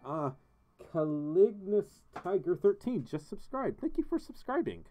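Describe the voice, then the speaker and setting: A man chats casually on a livestream from his home studio. His voice sits a little high and swings around a lot, and he giggles as he reads chat messages and thanks donors. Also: sing-song, unhurried, warm tone, slight background noise. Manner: chatty, giggly, reading donations and chat aloud. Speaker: livestream host.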